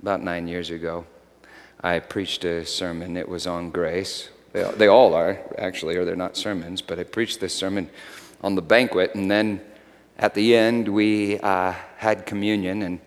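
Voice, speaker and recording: A man preaching a sermon as a pastor, shifting from dramatic storytelling to soft, meditative guidance. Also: low voice, flat delivery, moderate pace. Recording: long hall reverb.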